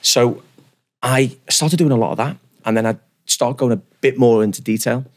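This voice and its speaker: A man, telling stories as a podcast guest in an animated, self-deprecating, rambling way. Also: mid-range voice, normal speed. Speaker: guest barber. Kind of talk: casual podcast storytelling.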